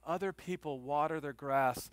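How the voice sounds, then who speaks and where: A middle-aged man preaching a sermon, telling stories with animated emphasis and turning soft and hushed when he prays. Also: fairly high pitch, moderate pace, dry recording. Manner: animated storytelling, rising loud on emphasis. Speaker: pastor.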